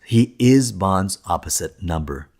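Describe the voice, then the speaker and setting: A man narrating a film documentary in a steady, enthusiastic storytelling manner. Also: low voice, unhurried. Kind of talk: scripted narration.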